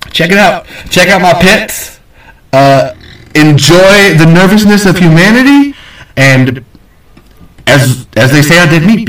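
Male podcast host, high voice, excited and nervous, rambles and swears; roomy, slightly distant recording. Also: takes it slowly. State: nervous and sweating. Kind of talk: rambling casual podcast sign-off.

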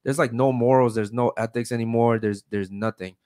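A man's voice: medium pitch, steady tone, brisk, darkish tone, clean tone. Blunt, profane male podcast host. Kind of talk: heated podcast debate.

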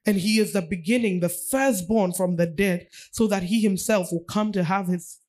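A woman's voice: mid-range voice, moderate pace, a little mellow. A woman pastor preaching a sermon, repeating phrases for emphasis.

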